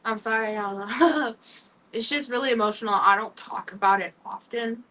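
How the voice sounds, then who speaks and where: A young woman hosting a talk show, telling her own story candidly and emotionally, halting often with fillers. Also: fairly high pitch, pushed and bright, distant mic, poor audio. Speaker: podcast host. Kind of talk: personal storytelling.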